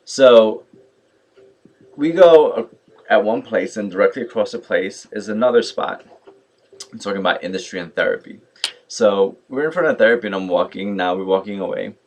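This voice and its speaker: A young man telling a story on his vlog in a casual, animated way, full of fillers like "like" and "yo". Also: on the low side, normal speed. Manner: animated, mimics others in quotes, many fillers like "like" and "yo". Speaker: vlogger.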